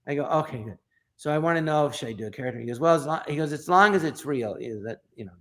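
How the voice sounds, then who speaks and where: A middle-aged man from Los Angeles tells a long story as an interview guest, his voice a touch higher than most men's. He slips into the people he quotes and acts out their lines. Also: expressive, very fast, a bit bright. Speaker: guest comedian.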